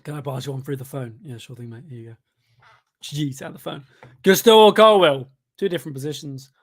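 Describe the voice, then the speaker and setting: A young man, pitched a little above most men, talks through a live football stream while reading chat aloud. He sounds tired and rambles casually, then breaks into excited shouts whenever the match heats up. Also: brisk. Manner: chatty, bursts of excitement at the game.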